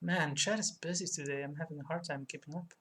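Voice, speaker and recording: Soft-spoken woman streaming a game. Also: low voice, steady tone, fast talker, breathy edge. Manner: soft, quiet, chatty with live chat. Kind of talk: casual game playthrough, reading text aloud.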